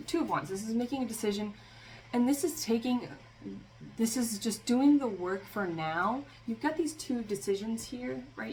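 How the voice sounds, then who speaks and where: A woman's voice: medium pitch, a little hiss or hum, low-quality recording. A woman giving a casual spiritual tarot reading, talking in a loose, rambling way with lots of fillers and a sarcastic streak. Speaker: tarot reader.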